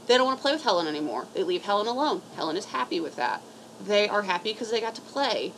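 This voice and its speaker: A woman's voice: medium pitch, expressive, fast, a bit bright, slight background noise, poor audio. Blunt, foul-mouthed woman giving cat advice. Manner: blunt, swears freely, rambling. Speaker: cat rescue volunteer. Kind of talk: casual advice talk to camera.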